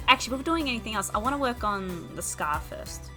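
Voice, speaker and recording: A woman's voice: a little high, lively intonation, fast, few pauses, sharp tone, faint music behind. A young woman streaming as she draws, chatting casually with viewers and giggling often. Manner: chatty, giggly, talks to chat. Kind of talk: casual chat while drawing on stream.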